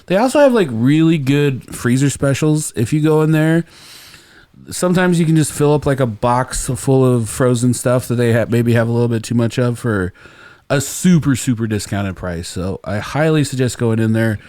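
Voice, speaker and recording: Podcast host, man, easygoing chatty storyteller, mid-pitched voice, casual sponsor reads. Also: moderate pace, darkish tone, no room sound. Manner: rambling storyteller, laughs often. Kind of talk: casual comedic chat.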